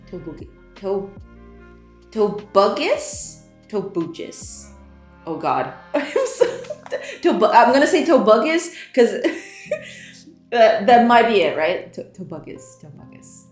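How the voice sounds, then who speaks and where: A woman's voice: mid-range voice, a little mellow. A young woman chats casually through her game development livestream, greeting viewers in a giggly, rambling way and stumbling over words. Her mid-range voice sounds roomy and echoey. Faint music plays underneath. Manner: giggly, laughs often, trips over words.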